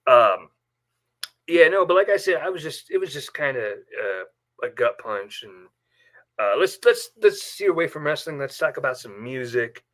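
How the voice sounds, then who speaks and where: A man's voice: medium pitch, big pitch swings, normal speed, a bit bright. A man hosting a casual live stream from his bedroom, telling a story with many fillers and restarts. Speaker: host. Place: bedroom at home.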